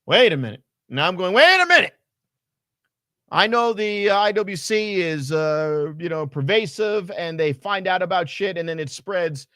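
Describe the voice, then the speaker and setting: A man casually recapping a wrestling show, animated and rambling, with lots of fillers and swearing. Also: high voice, moderate pace, hardly any pauses, clear, resonant tone, dry recording, studio quality. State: hot and sweaty. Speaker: podcast co-host.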